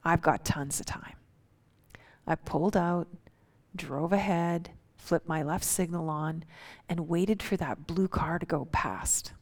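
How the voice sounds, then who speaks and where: A woman's voice: fairly low pitch, slow. A woman telling a personal story in a vivid, suspenseful, conversational way.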